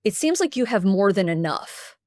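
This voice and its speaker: A woman voicing a kind, warm middle-aged school counselor who speaks gently and soothingly. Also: mid-range voice, sing-song, normal speed, no room sound, studio quality, lightly acted. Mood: earnest.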